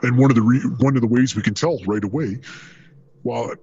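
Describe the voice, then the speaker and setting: A man telling a wild paramedic story in a casual, profane, animated way, acting out the quotes. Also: medium pitch, fairly quick, muffled recording.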